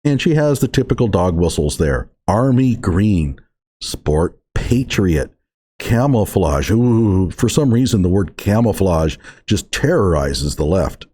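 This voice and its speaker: A man's voice: sits low, very animated, measured pace, warm tone, a little hiss or hum. A man giving emphatic, sarcastic reaction commentary on an article he is reading through.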